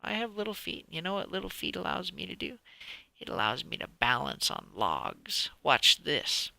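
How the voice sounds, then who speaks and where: Brief: spunky little pink girl dinosaur for a bedtime story, put on by a man, high and sharp-edged. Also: big pitch swings, moderate pace, vocal fry, exaggerated voice. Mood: defiant, spunky. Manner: cheeky, defiant.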